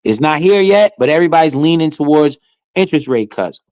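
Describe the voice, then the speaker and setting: A man's voice: on the high side, expressive, fairly quick, a little mellow, no room sound. A man streaming live, giving casual, slangy commentary with swearing and often speaking straight to his chat.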